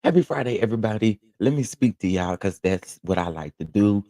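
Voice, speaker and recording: Gravelly, animated Texan man livestreaming. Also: fairly quick, no echo, clean studio sound. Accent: Southern US (Texas). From Texas. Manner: animated, laughing, jumps into high exclamations. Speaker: livestream host. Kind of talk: casual livestream chat reading comments.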